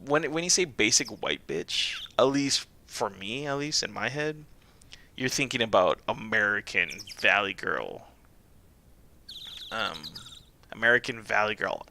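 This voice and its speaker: A young man streams a game and chats casually in a let's-play style, joking around animatedly and putting on voices. His voice sits on the low side and moves a little slowly, with a slight hiss or hum in the recording.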